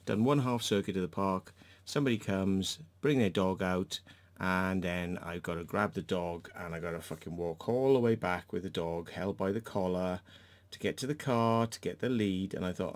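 A man's voice: low voice, expressive, normal speed. A man telling a sweary, sarcastic story in a ranting vlog monologue, mimicking other people mockingly. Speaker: vlogger. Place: outdoors in a park.

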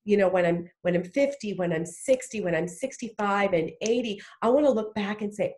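A woman's voice: medium pitch, moderate pace, hardly any pauses, a little mellow. A middle-aged woman speaking as a podcast guest, earnest and heartfelt in a casual faith conversation. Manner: earnest, heartfelt, emphatic with restarts.

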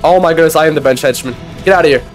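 A young man narrating his gameplay in a loud, excitable, trash-talking way, full of slang. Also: fairly high pitch, rapid-fire. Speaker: gaming video creator. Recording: game music underneath.

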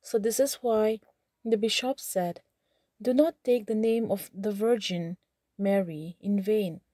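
A woman with an Indian English accent, reading lines from a play and explaining them plainly, often pausing with "okay". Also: medium pitch, fairly even intonation, dark tone, no echo, studio quality. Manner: reads lines then restates them in simple words, frequent "okay". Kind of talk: line-by-line literature lesson, reading and paraphrasing.

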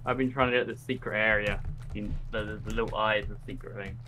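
A young man playing a co-op platformer with a friend, speaking calmly and hesitantly, often stammering as he restarts sentences. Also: lowish voice, fast, rough recording. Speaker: co-op gaming partner. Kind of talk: co-op gaming chat.

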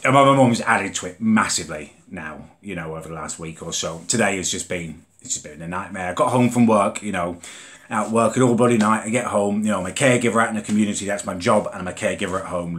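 A young man from England vents in a comedic rant vlog, exasperated and indignant about his mother. His voice sits low with a fairly bright tone.

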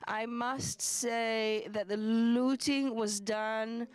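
A woman interpreting testimony live into English in the first person, speaking in halting, measured phrases with frequent restarts. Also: a little high, steady tone.

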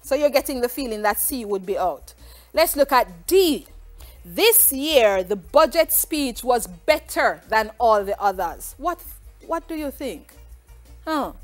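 Slow, high-voiced Jamaican teacher. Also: female voice, big pitch swings, soft background music. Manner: asks students questions, then pauses for them. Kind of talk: exam-prep lesson.

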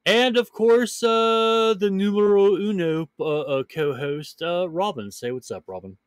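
A man's voice: high voice, unhurried, clear, resonant tone, no room sound. A man hosting a podcast, joking his way loosely through casual introductions. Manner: loose, jokey, lively introductions. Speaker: podcast host. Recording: dry close mic with faint music behind.

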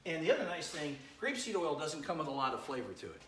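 A chatty middle-aged man hosts a relaxed live cooking demo from his home kitchen, talking viewers through each step and greeting them by name. His voice is bright and slightly high for a man. The kitchen sounds roomy and echoey, with a pan frying quietly in the background. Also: fast, slight background noise. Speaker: cooking show host. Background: sizzling frying pan.

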